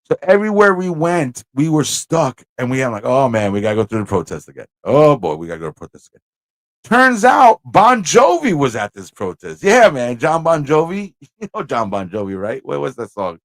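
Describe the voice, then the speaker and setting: A man hosts a casual livestream, telling animated stories, swearing, and slipping into put-on voices. His voice is mid-range and his pace moderate, with no room sound.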